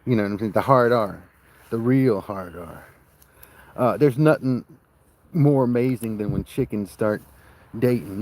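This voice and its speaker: A man vlogging outdoors on a farm, telling rambling stories in a crude, joking, rough-spoken way. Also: mid-range voice, a little mellow. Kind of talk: casual rambling storytelling.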